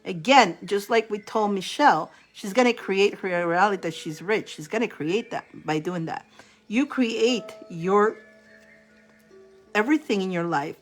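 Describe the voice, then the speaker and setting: A woman's voice: mid-range voice, unhurried, soft background music. A woman reading tarot cards on a live stream, chatty and encouraging. She laughs often and repeats mantras aloud. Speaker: tarot card reader.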